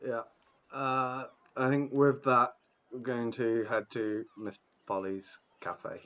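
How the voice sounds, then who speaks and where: A man playing in a tabletop game, unhurried and laughing easily. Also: medium pitch, flat delivery, a bit bright, dull audio. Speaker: player. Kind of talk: casual tabletop game play.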